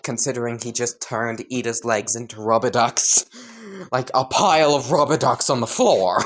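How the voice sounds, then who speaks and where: Deep, bouncy woman narrator; relaxed, unfiltered fan-story rambler. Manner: rambling, laughing and swearing freely. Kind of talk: casual storytelling.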